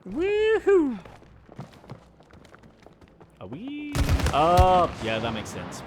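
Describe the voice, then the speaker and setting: A man's voice: mid-range voice, big pitch swings, measured pace, slight background noise. A man streaming a co-op video game, joking and swearing casually as he plays. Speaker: gaming streamer. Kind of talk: casual gameplay commentary. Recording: voice over game music. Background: game music.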